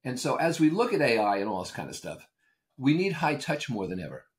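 A man's voice: medium pitch, a little fast. An older man in an interview, a consultant and author answering questions in an emphatic, opinionated way and telling stories. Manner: animated storyteller, emphatic and opinionated.

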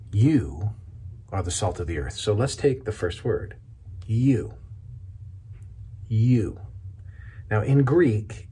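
Deep-voiced man giving a devotional talk. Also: warm tone, slight background noise. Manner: earnest, stresses single words with long pauses. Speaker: pastor. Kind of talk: short devotional sermon to camera. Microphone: camera video.

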